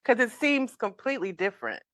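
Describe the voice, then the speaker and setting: A woman's voice: on the high side, very animated, fairly quick, a bit bright. A woman hosts a podcast interview with a voice that rises and falls freely. The sound is dry and close, with no room echo, and she asks reflective questions. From St. Louis. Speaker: podcast host. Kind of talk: casual interview.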